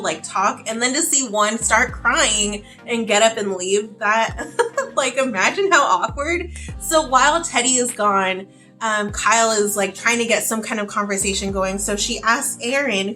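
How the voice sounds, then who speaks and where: Woman, beauty vlogger, casual talky delivery, bright tone, faint music under. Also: medium pitch. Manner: chatty, heavy use of "like" fillers. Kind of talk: casual get-ready-with-me chat.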